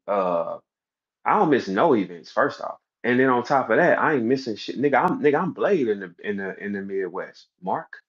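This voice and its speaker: A man, running a battle rap league, rants boastfully and heatedly on a livestream, profane and brash. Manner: boastful, brash, profane and heated, voice jumping high when he acts out scenes. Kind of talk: unscripted livestream rant. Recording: slightly dull lo-fi audio.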